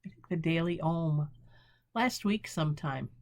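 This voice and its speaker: A woman pastor with a deep voice and lively intonation offers a short, prayerful devotional. Gentle and unhurried, she reads the devotion slowly and searches for words as she reflects.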